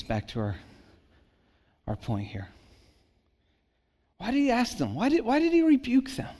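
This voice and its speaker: A man preaching a sermon as a pastor, speaking conversationally with rhetorical questions, repeated words and restarts, and dropping low and soft for emphasis.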